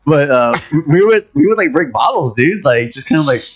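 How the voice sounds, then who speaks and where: A man's voice: a little high, a little fast. A man co-hosting a podcast in casual chat, swearing a lot and laughing as he tells stories from his childhood. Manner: animated, swears, laughs often. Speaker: podcast co-host.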